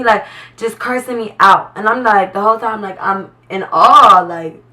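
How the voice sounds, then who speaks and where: A young woman vlogger telling a story in a casual, animated way, full of "like". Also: medium pitch, moderate pace, far from the mic, rough recording.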